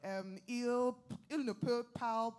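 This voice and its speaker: A woman speaking slowly and haltingly at a church service. She fills her pauses with soft hesitations. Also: a little high, a loud crowd. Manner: halting, hesitant speech with many fillers. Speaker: church member.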